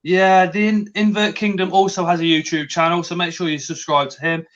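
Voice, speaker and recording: A man's voice: high-pitched, flat delivery, fairly quick, fairly bright tone, lo-fi sound. A man hosting a casual livestream, greeting viewers in the chat and talking in a hesitant way with many restarts. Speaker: livestream host.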